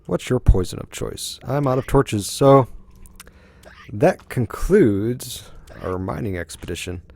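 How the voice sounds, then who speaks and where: A man's voice: medium pitch, animated, takes it slowly, vocal fry, a little mellow. A young man giving rambling let's-play commentary, musing aloud with lots of ums as he plays. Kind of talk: gaming commentary.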